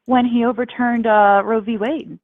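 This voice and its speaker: A woman in her thirties calling in, hesitant and halting as she answers. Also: a little high, steady tone, dry recording. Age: 30s. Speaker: caller. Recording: dry phone line.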